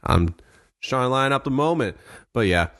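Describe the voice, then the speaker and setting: A man's voice: mid-range voice, expressive, moderate pace, a bit bright. A man in a casual chat, ranting and swearing with sarcastic jabs.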